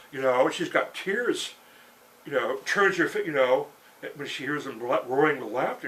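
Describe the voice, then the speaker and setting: An older man telling a long story out loud, halting, with many fillers and restarts. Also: mid-range voice, rough recording. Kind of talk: rambling spoken storytelling.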